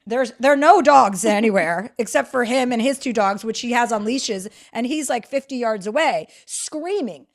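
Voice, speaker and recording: A middle-aged woman guest on a podcast, telling stories in a casual, deadpan and sardonic way, swearing freely. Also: a little high, normal speed, few pauses. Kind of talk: casual podcast chat, storytelling.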